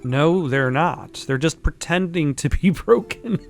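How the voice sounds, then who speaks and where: A man's voice: fairly high pitch, measured pace, vocal fry, soft background music. A man reading a persistent young woman investigator. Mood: pressing. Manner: persistent, questioning.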